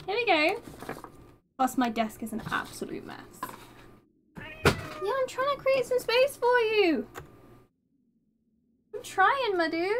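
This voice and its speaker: A chatty woman with a high voice, streaming a game live from her desk at home. She laughs often and coos at her cat between play, over a faint background hiss. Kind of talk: live gameplay commentary.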